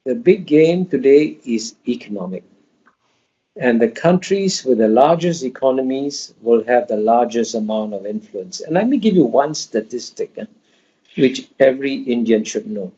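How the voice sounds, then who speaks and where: A man answering interview questions in an emphatic, lecturing manner, with frequent restarts as he builds his point. His voice is mellow and somewhat dark. The audio sounds dull and lo-fi. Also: medium pitch, lively intonation, moderate pace. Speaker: interview guest.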